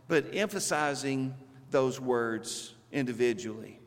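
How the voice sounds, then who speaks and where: Southern preacher in a reverberant church. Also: male voice, medium pitch. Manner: slow, deliberate, with emphatic pauses. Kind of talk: sermon. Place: church sanctuary.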